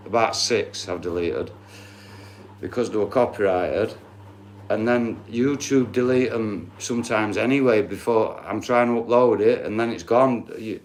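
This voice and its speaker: A man in his late forties with a Yorkshire accent, chatting casually to his live-stream viewers, swearing freely and talking straight to the chat. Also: on the low side. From Yorkshire, England. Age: 40s. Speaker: livestreamer.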